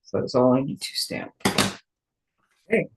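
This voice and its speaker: A woman's voice: extremely low pitch, big pitch swings, normal speed, background noise. Chatty woman demonstrating card making. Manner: chatty, thinks aloud while working, self-deprecating. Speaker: paper crafting demonstrator. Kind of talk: casual live crafting demo.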